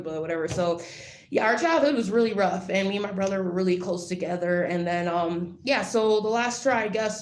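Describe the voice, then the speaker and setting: Rambling woman vlogger in an echoey room. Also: medium pitch. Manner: rambling, filler-heavy with frequent "like"; blunt, swears freely. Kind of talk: casual storytelling to camera. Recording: roomy echo.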